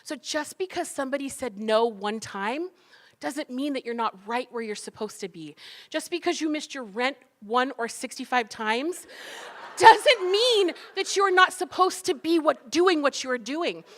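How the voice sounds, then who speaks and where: A woman's voice: high voice, expressive, measured pace, fairly bright tone. A woman giving a motivational talk, telling her story animatedly and acting out the dialogue with laughs. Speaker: cookbook author and speaker.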